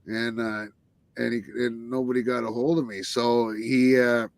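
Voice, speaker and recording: A man's voice: mid-range voice, level tone, moderate pace, dry recording. A man, a guest musician, telling stories in a rambling, casual way, often swearing and restarting and tagging lines with "eh". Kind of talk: casual storytelling.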